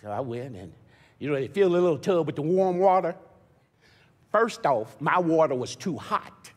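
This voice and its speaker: An older man preaching a sermon as pastor, telling stories with stammered restarts and building to shouted preaching. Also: fairly high pitch, lively intonation, moderate pace. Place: church sanctuary. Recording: long church reverb.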